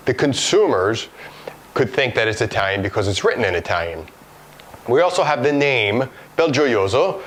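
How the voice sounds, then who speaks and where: A man's voice: medium pitch, fairly bright tone. Man presenting a food lesson. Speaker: course presenter. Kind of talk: scripted educational explainer.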